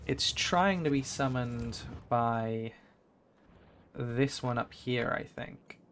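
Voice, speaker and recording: A man's voice: medium pitch, slow, fairly bright tone, slight background noise. A man streaming a game live, rambling and thinking aloud with many fillers. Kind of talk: live gameplay commentary.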